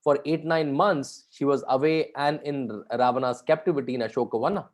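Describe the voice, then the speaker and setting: Man, mid pitch, video-call speaker, chatty and engaging with listeners. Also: steady tone, brisk. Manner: conversational, asks the audience questions, keeps adding "right?". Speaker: guest speaker leading a session. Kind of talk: interactive talk to students.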